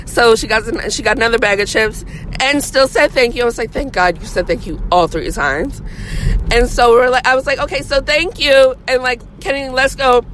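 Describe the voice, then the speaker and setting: A woman casually telling a personal story from her car, chatty and animated, acting out what people said in higher voices. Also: brisk, slight background noise, poor audio. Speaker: vlogger.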